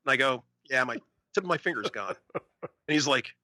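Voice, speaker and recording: A man co-hosting a podcast, telling a story in a casual, animated way and acting out the voices of other people. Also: mid-range voice, normal speed, dry recording. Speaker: podcast co-host.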